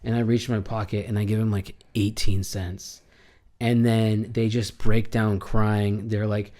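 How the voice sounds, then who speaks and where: A man's voice: on the low side, measured pace, a little mellow. A man co-hosting a casual podcast, chatting loosely and acting out silly sketch ideas with quoted voices. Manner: jokey, acts out quoted bits in sketches. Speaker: podcast co-host. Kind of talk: casual chat.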